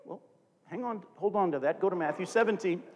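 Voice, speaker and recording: A man with a notably high voice preaches to a church congregation, reading scripture and dramatizing each quote. His words ring out with a long reverb trail from the large hall. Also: a little fast. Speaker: pastor. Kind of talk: sermon.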